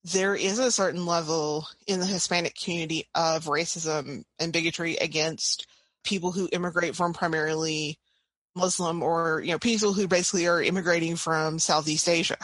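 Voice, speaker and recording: A woman's voice: on the low side, steady tone, normal speed, a bit bright, no echo. A woman co-hosting a history podcast, chiming in with chatty asides while on pain pills. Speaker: podcast co-host. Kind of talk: casual history chat.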